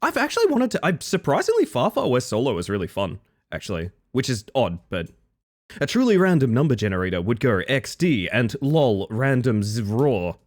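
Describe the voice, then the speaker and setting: Animated, chatty male streamer. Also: brisk. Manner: chatty, animated, swings from high excited yelps to low mutters; reads chat aloud and answers viewers by name. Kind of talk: casual live-stream chat.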